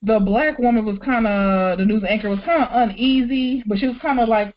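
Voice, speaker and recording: A woman co-hosting a podcast in casual chat, outspoken and animated, laughing often. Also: a little high, brisk, hardly any pauses, lo-fi sound. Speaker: podcast co-host.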